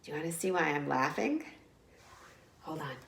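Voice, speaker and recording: A woman teaching an online Sunday school lesson, speaking gently and simply to young children, recorded on a home camera. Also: low voice, very animated, normal speed, creaky. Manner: gentle, encouraging, talks simply to young kids. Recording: roomy echo.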